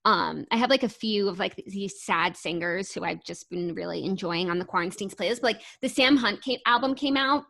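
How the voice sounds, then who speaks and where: A woman's voice: medium pitch, brisk, vocal fry, hardly any pauses, a bit bright. Rambling young woman podcast host. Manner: rambling, self-interrupting, reads stories aloud. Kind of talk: casual chat.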